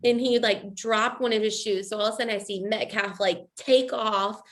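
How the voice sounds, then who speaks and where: Woman, coach's wife, casual rambling storyteller, mid pitch. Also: steady tone, normal speed. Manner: rambling, many fillers and "you know".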